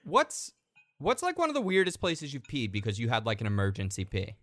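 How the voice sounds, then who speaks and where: A young man co-hosting a podcast, teasing the others with quick interjections in casual banter. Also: medium pitch, huge pitch swings, fairly bright tone, dry recording. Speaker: podcast co-host.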